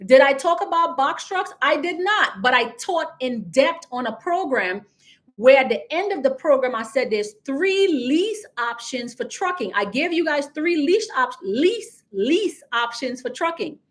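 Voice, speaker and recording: Caribbean lady coaching on a livestream, kinda high voice, super chatty, talks right to the viewers. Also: big pitch swings, a little slow. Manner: chatty, addresses viewers directly, reads out comments. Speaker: business credit coach. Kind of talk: casual livestream teaching.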